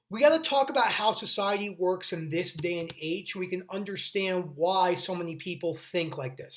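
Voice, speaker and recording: Earnest rambling man explaining mental health. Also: high voice. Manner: earnest, rambling with restarts and tangents. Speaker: mental health video host. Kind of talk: casual talking-head explainer.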